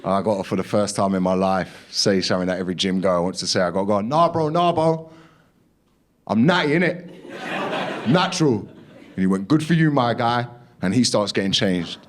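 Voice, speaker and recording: A young man doing a stand-up comedy set, brash and sweary, putting on loud voices for the people in his stories. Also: low-pitched, a little fast, a little hiss or hum. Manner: brash, swearing, acts out others in raised voices. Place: comedy club stage.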